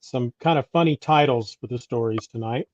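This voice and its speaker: A man's voice: medium pitch, a little fast, no echo, dull audio. A man hosting a podcast in casual chat, easygoing, with loose fillers. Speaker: podcast host.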